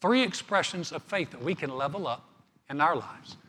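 A man pastor preaching a sermon, telling the story in an animated way and often repeating his words. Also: fairly high pitch, moderate pace, big-room sound, a little hiss or hum.

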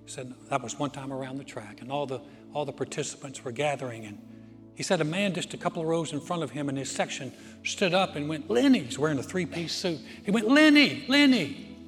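A male pastor preaching a sermon in a church auditorium, telling stories earnestly and dropping to soft, quiet phrases. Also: medium pitch. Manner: earnest storytelling with dramatic pauses, softening to near-whisper. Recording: reverberant hall with music behind.

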